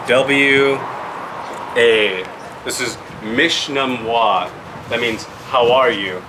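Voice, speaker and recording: A man's voice: mid-range voice, noisy background. A man from the Yakima Valley presents to a group indoors. He patiently asks questions and spells words out letter by letter. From Yakima Valley, Washington. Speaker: language presenter. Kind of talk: teaching a group. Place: indoor room at a public museum event.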